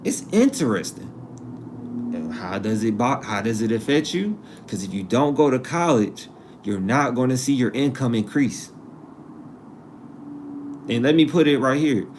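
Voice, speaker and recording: A man's voice: mid-range voice, animated, a little slow, long pauses, a little mellow, a little hiss or hum. A man hosting a live stream, talking in a loose, conversational way, drifting off topic and repeating himself for emphasis. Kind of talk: casual live-stream talk.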